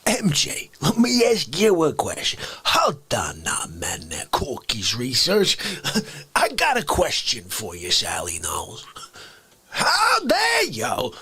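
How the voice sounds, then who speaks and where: Man doing a ranting character, raspy, high and sharp, shouting, close dry sound. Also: wildly swooping pitch, slow pace, heavily acted. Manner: shouting outbursts, mock-interrogating, rambling hypotheticals. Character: indignant ranting man grilling people. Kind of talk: comedic character rant on a livestream.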